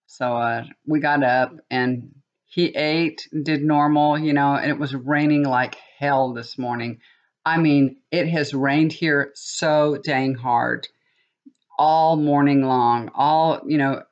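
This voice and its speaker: This middle-aged woman is a tarot reader and vlogger with a low-pitched voice, heard in dull audio. Chatting casually to camera, she tells her viewers a story and often repeats phrases for emphasis.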